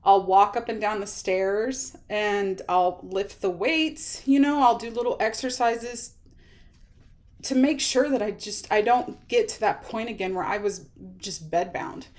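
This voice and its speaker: A woman's voice: mid-range voice, darkish tone. Woman in her thirties telling a personal story. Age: 30s. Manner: rambling, halting, with many fillers and restarts. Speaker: vlogger sharing her illness story.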